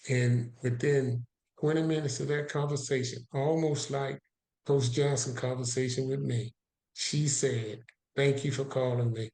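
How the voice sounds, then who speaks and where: A man's voice: medium pitch, a little slow. Man telling a story in a roomy space. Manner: animated storyteller who acts out both sides of a dialogue. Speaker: guest. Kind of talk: storytelling in a podcast interview.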